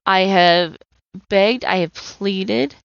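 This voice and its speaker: A woman's voice: medium pitch, drawn-out words, vocal fry, dry recording. A woman in her thirties, a trauma coach hosting her own podcast, telling her personal story in an earnest, emotionally open way. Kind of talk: personal testimony monologue. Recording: slightly muffled dry recording.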